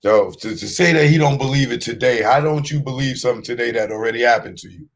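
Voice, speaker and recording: A man's voice: medium pitch, quick pace. A man hosting a show, giving blunt, streetwise commentary on a clip he has just played. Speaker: podcast host.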